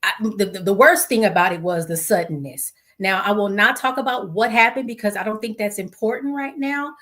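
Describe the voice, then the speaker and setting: A woman's voice: brisk, a bit bright. A woman hosting her own show, telling a heartfelt personal story in a casual, conversational way, acting out the quotes of others. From Los Angeles area. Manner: conversational, acts out quotes with pitch swings. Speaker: podcast host.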